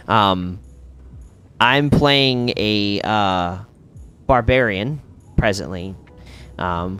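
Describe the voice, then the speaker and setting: A man streaming and chatting casually while playing a video game, rambling with lots of fillers and bursting out in sudden excitement. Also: lowish voice, clean tone. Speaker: streamer and host.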